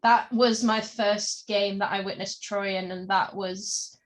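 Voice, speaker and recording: A woman's voice: mid-range voice, steady tone, unhurried. Chatty woman co-host, rambling. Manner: rambling, filler-heavy, tangent-prone. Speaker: podcast co-host. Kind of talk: casual chat.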